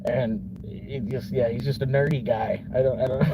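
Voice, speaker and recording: A man's voice: mid-range voice, takes it slowly. A man from Florida, a vlogger rambling casually from his car, laid-back, chuckling often and swearing easily. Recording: car interior with vehicle noise.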